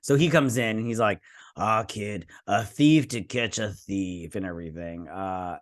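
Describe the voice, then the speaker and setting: A man's voice: lowish voice, measured pace. A man from Michigan casually recapping and reviewing a TV episode as host, rambling through the plot with loose retellings and frequent restarts. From Michigan, USA.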